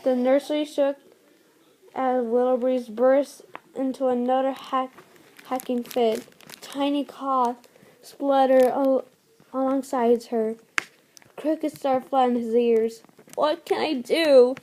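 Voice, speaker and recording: A woman's voice: sits high, little pitch movement, takes it slowly, pauses often, warm tone, a little hiss or hum. A woman reading a story aloud as host, stumbling often and restarting words.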